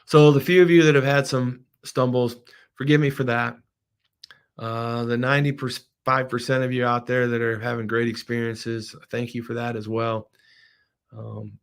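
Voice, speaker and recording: A middle-aged man with a gravelly edge to his voice, sitting at a middling pitch. He runs a casual livestream as a business owner and talks in a rambling, heartfelt way with many restarts, his feelings showing through. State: emotional.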